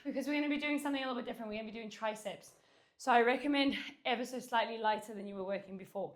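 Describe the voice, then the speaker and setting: A woman's voice: fairly high pitch, rapid-fire. A woman teaching a Pilates and dumbbell workout at home, out of breath, cueing and counting reps while she exercises, recorded by a camera at a distance. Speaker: Pilates instructor. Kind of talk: workout instruction. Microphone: far camera.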